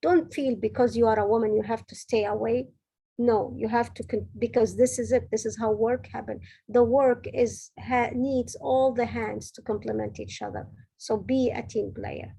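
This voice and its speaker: A woman's voice: a little high, steady tone, moderate pace, gravelly, warm tone, breathy edge, low-quality recording. A middle-aged woman, a senior director, giving an earnest, direct motivational talk with advice for women at work, often correcting herself mid-sentence. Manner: earnest, direct, advising with frequent self-corrections.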